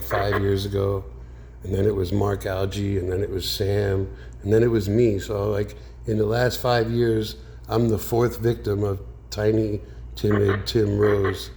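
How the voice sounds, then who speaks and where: Man, lowish pitch, angry rambling rant, profane, filler-heavy vlog. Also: gravelly, background noise. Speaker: radio hobbyist vlogger. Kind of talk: angry ranting monologue. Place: recorded with a handheld radio nearby.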